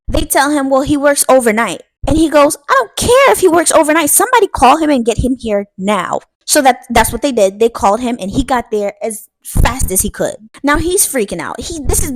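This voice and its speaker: A woman telling a scary story in a casual, chatty way, speaking straight to her viewers and acting out the quoted lines. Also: no echo. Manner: chatty, addresses viewers directly; acts out quoted lines with pitch jumps.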